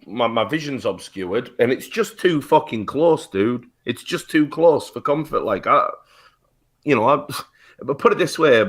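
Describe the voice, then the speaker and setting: A man's voice: mid-range voice, a bit bright. A British man telling a heated story on a talk show, swearing often and restarting his sentences. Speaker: guest.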